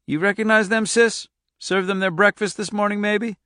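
A man's voice: sits high, steady tone, normal speed, fairly bright tone, no echo, studio quality, voice pushed up. A man voicing a menacing, bullying male federal agent who taunts and threatens.

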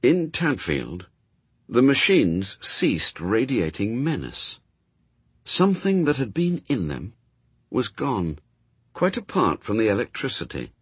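Husky man narrating an audiobook. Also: mid-range voice, wildly swooping pitch, slow, dry recording.

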